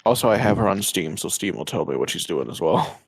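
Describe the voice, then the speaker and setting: This podcast co-host and editor rambles and swears freely over a home mic on a voice call, trailing off and starting again. His deep, husky voice is brisk and very animated, and the recording is dry.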